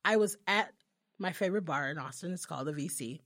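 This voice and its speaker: A woman's voice: deep voice, expressive, fast, fairly bright tone. A young adult woman co-hosting a casual chat, telling a story with a lot of profanity and acting out the people she quotes. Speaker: podcast co-host.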